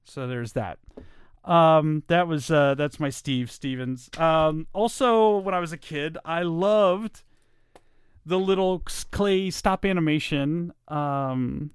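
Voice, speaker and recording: A man's voice: fairly high pitch, takes it slowly, clear, resonant tone, no echo, clean studio sound. An American man, a voice actor, chatting in a rambling, self-deprecating way. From United States. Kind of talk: casual chat.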